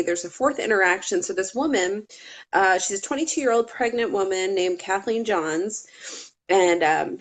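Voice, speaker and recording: A woman co-hosts a casual true-crime chat, talking freely with laughing asides and the odd swear word. Her voice sits at a middle pitch. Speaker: podcast co-host.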